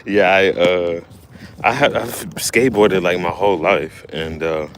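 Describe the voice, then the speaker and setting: A man's voice: deep voice, unhurried. A man chatting casually on a livestream beside his kayak, rambling and correcting himself, a little winded. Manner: rambling, self-correcting, laughs often. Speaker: livestream host. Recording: faint background noise.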